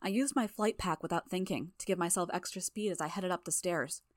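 A woman narrating a first-person story for a fan audiobook in a steady, even way. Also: on the low side, fairly quick, no echo, studio quality.

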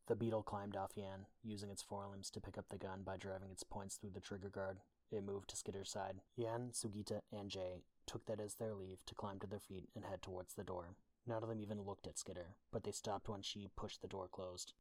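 Lowish-voiced male audiobook narrator. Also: brisk, few pauses, dry recording. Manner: steady, even storytelling. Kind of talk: scripted narration.

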